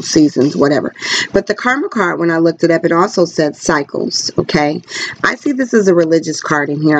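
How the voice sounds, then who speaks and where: A woman giving a casual tarot reading, talking in a rambling, chatty way with quick pressured speech and a blunt, frank manner. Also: low voice, darkish tone, slight background noise. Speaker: tarot card reader. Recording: dull lo-fi recording.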